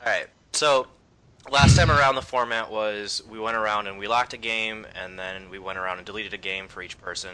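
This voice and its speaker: A man's voice: fairly low pitch, brisk, clean tone, low-quality recording. A man hosting a casual game podcast panel, talking loosely with lots of fillers. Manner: relaxed, rambling with fillers. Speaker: podcast host.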